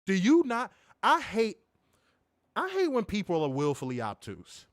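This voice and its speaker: High, animated male host, emphatic and profane, dry close sound. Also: measured pace, no room sound. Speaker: podcast host reviewing wrestling. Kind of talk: casual ranting review.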